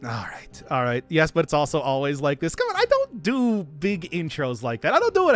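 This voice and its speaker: A male streamer chatting loosely with his viewers while he plays, drifting off-topic and laughing often. His voice sits fairly high for a man and jumps around a lot in pitch, full of lively swoops. A faint bit of music plays underneath. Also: fairly quick, hardly any pauses. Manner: rambling, giggly, talks to chat. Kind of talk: casual gaming livestream chat.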